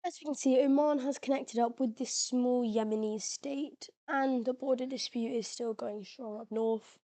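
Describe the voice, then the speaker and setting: A woman's voice: a little high, fairly even intonation, normal speed, dark tone. A woman giving casual, slangy commentary over a map game, chatty and informal with lots of fillers and the odd voice crack. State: occasional voice cracks. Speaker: mapping video narrator.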